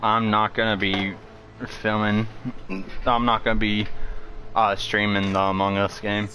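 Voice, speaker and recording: A man's voice: lowish voice, little pitch movement, measured pace, bright, forceful tone. A man hosting a live gaming stream, chatting in a laid-back, teasing way with casual swearing over a headset. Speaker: streamer host. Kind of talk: casual chat.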